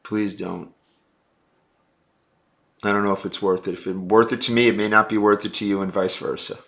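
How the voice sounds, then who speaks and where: A man's voice: lowish voice, level tone, moderate pace, creaky, fairly bright tone. A man hosting a casual live stream, answering viewer chat in a blunt, brash and profane way.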